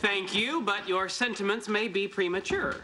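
A man's voice: high voice, normal speed, very noisy, lightly acted. A man playing Sheldon, a pedantic, fussy physicist. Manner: precise, lecturing, oblivious. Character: pedantic, fussy, self-absorbed young male physicist. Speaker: theoretical physicist character. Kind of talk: sitcom acting. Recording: sitcom with loud audience laughter.

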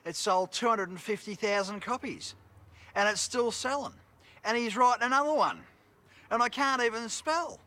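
An actor playing a crude, boastful Australian career criminal who swears constantly and bosses people around, in a film drama. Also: male voice, extremely high pitch, normal speed, pushed and bright. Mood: mocking. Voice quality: coarse, swears constantly, bossy. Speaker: convicted criminal giving a television interview.

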